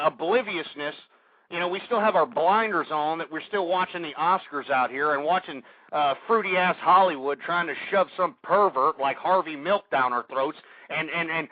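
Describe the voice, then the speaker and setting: A high-voiced man with a Texan accent rants through a political talk radio monologue, swearing and repeating himself. The voice is close and dry, and the recording sounds dull and lo-fi, like an old radio broadcast. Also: dry recording. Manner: heated, ranting, swears often, repeats himself. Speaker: radio show host.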